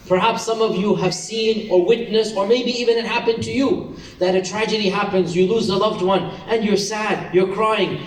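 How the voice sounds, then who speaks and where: Male preacher, high voice, impassioned sermon with rhetorical questions, echoey hall, mic set far off. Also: slight background noise. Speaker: Islamic preacher. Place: lecture hall with audience.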